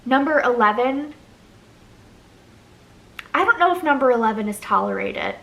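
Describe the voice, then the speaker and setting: A woman's voice: high-pitched, expressive, moderate pace, creaky, fairly bright tone. A young woman vlogger chatting casually as she ranks songs, gushing and rambling with lots of ums and likes. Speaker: music vlogger ranking songs. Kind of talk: casual chat to camera.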